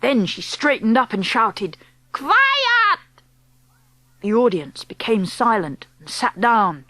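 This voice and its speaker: Lively woman narrating a storybook. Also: mid-range voice, measured pace, no room sound. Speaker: audiobook narrator. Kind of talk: scripted narration.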